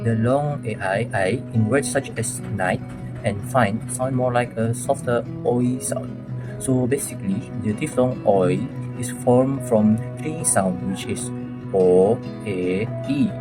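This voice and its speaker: A man's voice: mid-range voice, slow, over loud music. A man student giving a plain, methodical class presentation.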